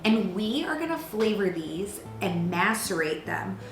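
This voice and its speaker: A chatty woman in her thirties hosts a home cooking show and tells stories in a playful, gossipy way. Her voice carries a roomy echo from the kitchen, with music playing clearly behind her. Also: mid-range voice, very animated, a little slow. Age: 30s. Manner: gossipy, playful storyteller with lots of fillers.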